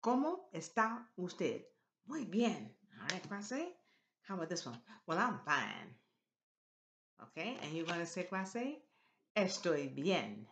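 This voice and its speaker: Woman Spanish teacher, fairly low voice, slow repeat-after-me drills. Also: very animated, vocal fry, a bit bright, a little hiss or hum. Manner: slow, sing-song drills with exaggerated Spanish words. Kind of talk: classroom language lesson.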